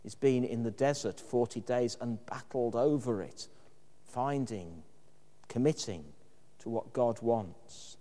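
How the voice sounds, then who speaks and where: A man's voice: medium pitch, slow, mellow, in a large hall. A man preaching a sermon in a thoughtful, conversational way, with occasional fillers.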